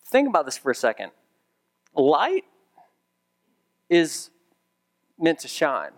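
A man's voice: a little high, huge pitch swings, slow pace, pauses often. A man preaching a sermon as pastor, conversational with dry humorous asides, building to emphatic raised repetitions.

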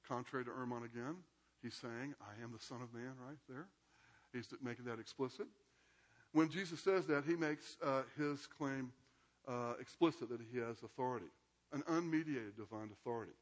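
A man giving an informal lecture, explaining a text conversationally and often checking in with "right?", with some hesitant fillers. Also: medium pitch. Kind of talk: informal lecture with scripture reading.

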